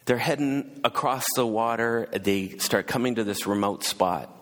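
A man's voice: medium pitch, a little slow, fairly bright tone. A man preaching, casually retelling a story with hesitations and asides. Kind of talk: conversational sermon storytelling. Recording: long hall reverb.

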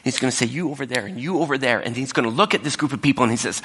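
A male pastor delivering a sermon and telling a story, dropping to whispers and rising high when he quotes people. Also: very fast, few pauses, bright, forceful tone, breathy edge. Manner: storytelling, drops to whispers and rises high when quoting others. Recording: echoey hall with long reverb.

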